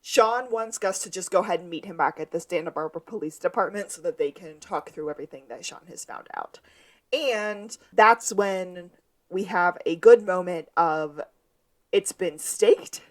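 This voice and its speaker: A woman's voice: on the low side, normal speed. A woman co-hosting a podcast in casual chat, steadily narrating plot recaps. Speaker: podcast co-host.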